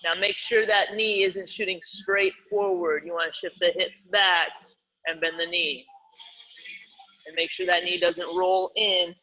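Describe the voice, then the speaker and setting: A man's voice: high voice, level tone, measured pace, bright, forceful tone, highs cut off. A man coaching a live online workout, calling out exercises and reps in an upbeat, joking way. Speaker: fitness coach.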